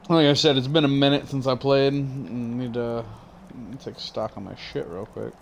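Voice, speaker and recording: Young male streamer, sleepy, loose rambly chat full of "uh"s, mid-pitch. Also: unhurried, vocal fry, muffled recording, slight background noise. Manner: rambling, swearing, frequent fillers. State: yawning, tired. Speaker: game streamer. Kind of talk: casual gameplay commentary.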